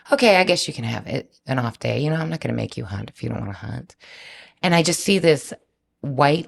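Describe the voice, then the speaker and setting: A woman falconer, a podcast guest, telling stories in a casual, animated way and acting out the people she quotes. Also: very deep voice, gravelly. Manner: animated, laughs while telling stories, acts out quoted voices. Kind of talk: casual storytelling.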